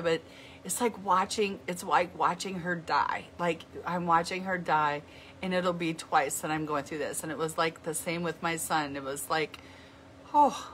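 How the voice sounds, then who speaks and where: A middle-aged woman talking to her viewers in an earnest, heartfelt way, often halting and restarting her sentences. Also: on the low side, a bit bright, slight background noise. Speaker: vlogger. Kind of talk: heartfelt casual talk to viewers.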